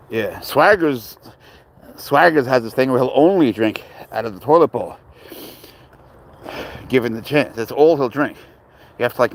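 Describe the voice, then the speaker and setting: A young man with a medium-pitched voice hosts a casual livestream from indoors at home, where he owns a serval cat. He rambles, jokes, reads viewer comments, and greets people by name, with slight background noise.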